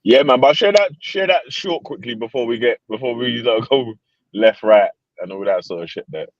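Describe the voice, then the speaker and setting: A man's voice: medium pitch, expressive, normal speed, dry recording, highs cut off. A man with a London accent chatting casually on a livestream, laughing and bantering in slang. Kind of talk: casual group livestream chat.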